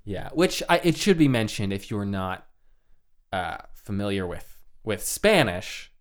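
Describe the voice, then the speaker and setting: Man, low-ish voice, loose comic storyteller in casual chat. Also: sing-song, measured pace. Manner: loose, joking retelling full of "like" and laughs. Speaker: storyteller retelling a folk tale.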